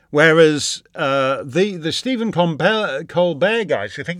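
A man hosting a show, answering listener questions in a sardonic monologue that climbs into loud, mocking indignation. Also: medium pitch, expressive, moderate pace, few pauses, no room sound, clean studio sound. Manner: sings wordless tunes to mock.

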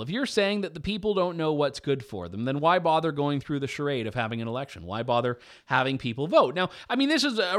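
A man with a somewhat high-set voice hosts an opinion talk show. He reads listener mail aloud and answers it in an easygoing, opinionated way. He thinks out loud as he goes, with plenty of fillers and restarts. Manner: reads out and reacts to listener letters. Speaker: guest radio show host.

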